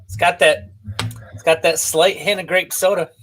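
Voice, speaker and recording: A male guest in a casual tasting chat, teasing the others. His voice is slightly high and bright. He keeps his cards close with a coy tone. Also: steady tone, moderate pace, a little hiss or hum.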